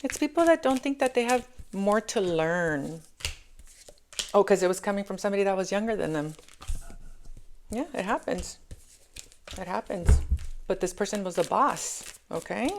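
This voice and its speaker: A woman's voice: medium pitch, moderate pace, a little mellow, slight background noise. A woman doing a casual, chatty tarot reading, often checking in with "okay?" and calling her listeners angels. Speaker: tarot reader.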